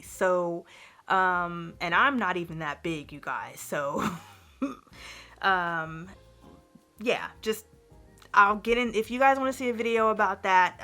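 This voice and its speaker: A woman's voice: medium pitch, pushed and bright. A young woman gives a candid, chatty vlog update, ranting freely with lots of fillers. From United States. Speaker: vlogger, teacher in Japan.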